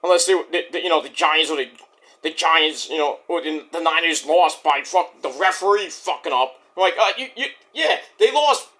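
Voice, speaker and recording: A man's voice: on the high side, moderate pace, pushed and bright. A man, ranting bluntly and profanely in a rambling casual monologue as a vlog host.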